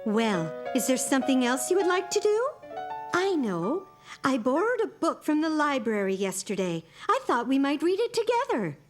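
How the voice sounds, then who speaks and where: A kind, patient grandmother in a children's cartoon, coaxing gently with a high, very lilting voice. Children's music plays underneath. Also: sing-song, normal speed. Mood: gentle. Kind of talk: cartoon voice acting.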